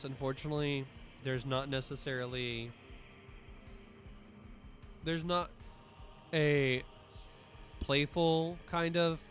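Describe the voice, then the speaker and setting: A man chatting casually on his stream, spinning long, rambling stories full of swearing. His voice sounds a little worn from allergies, and soft music plays faintly behind him. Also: medium pitch. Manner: rambling, profane storytelling. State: voice strained from allergies.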